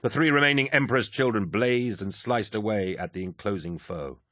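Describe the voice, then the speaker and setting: A man's voice: lowish voice, moderate pace, a bit bright, no echo, clean studio sound. A man narrating a military science fiction audiobook, reading battle scenes dramatically. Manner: dramatic, vivid action reading.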